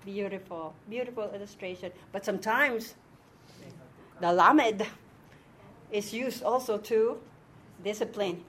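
A woman's voice: medium pitch, a little slow, long pauses, a bit bright, slight background noise. A woman teaching an informal Bible and Hebrew lesson to a small group, explaining step by step and often checking that her listeners follow.

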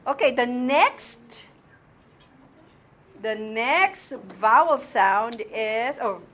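A woman's voice: a little high, fairly bright tone. A woman teaching a language class patiently, repeating words and often checking in with her students. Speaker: Hebrew teacher. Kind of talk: classroom lesson.

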